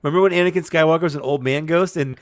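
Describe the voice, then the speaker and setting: A man's voice: fairly high pitch, very fast, dry recording, studio quality. A man in casual live chat while opening toys, laughing often and talking animatedly. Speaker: toy-unboxing show co-host.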